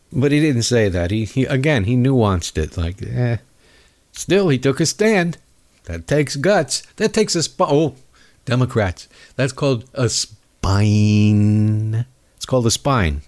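A man's voice: medium pitch, animated, a little slow, darkish tone. A man hosting a podcast, delivering a sarcastic, mocking comedic political monologue. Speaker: podcast host.

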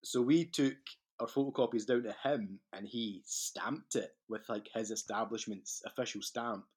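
A man's voice: lowish voice, normal speed, a little mellow, slightly rough. A man with a Scottish accent, a podcast guest telling long stories in casual chat, swearing freely and laughing as he goes. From Scotland.

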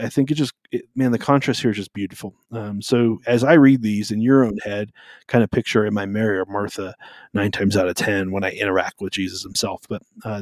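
A man's voice: on the low side, a little mellow, no echo. A man co-hosting a podcast, talking casually about faith in a rambling way, with lots of fillers and self-interruptions. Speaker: podcast co-host.

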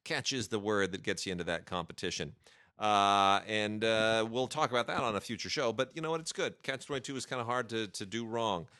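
A man's voice: fairly low pitch, fairly quick, bright, forceful tone, dry recording, clean studio sound. A man hosting a podcast, chatting casually and wryly with lots of fillers and restarts. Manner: wry, joking, many fillers and restarts. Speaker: podcast host reviewing home video releases. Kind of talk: casual chat.

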